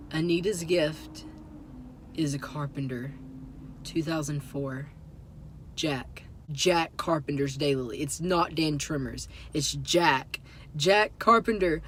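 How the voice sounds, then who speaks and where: A man's voice: fairly high pitch, moderate pace, slight background noise. A young man telling an embarrassing story to camera, sheepish and self-deprecating, with lots of fillers. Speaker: vlogger. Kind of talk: casual storytelling.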